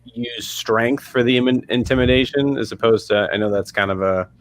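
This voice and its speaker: A man plays in a tabletop game, speaking casually and hesitantly, often stumbling and restarting. His voice sits at an ordinary mid pitch. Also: moderate pace, a little hiss or hum. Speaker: player.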